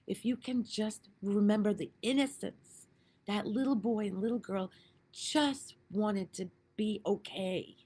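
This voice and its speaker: A middle-aged woman giving a heartfelt inspirational talk, earnest and emotional, moving between soft and emphatic delivery. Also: mid-range voice, unhurried. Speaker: spiritual speaker.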